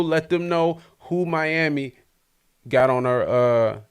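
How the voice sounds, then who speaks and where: A man hosting a casual interview podcast who hypes up his guest and gets loud and excitable. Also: on the high side, slow pace, smooth. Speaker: podcast host.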